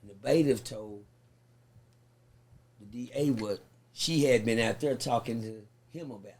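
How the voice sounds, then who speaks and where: A man, telling a story in a sit-down interview. He talks in an animated, profane way and acts out the people he quotes. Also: medium pitch, unhurried. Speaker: guest.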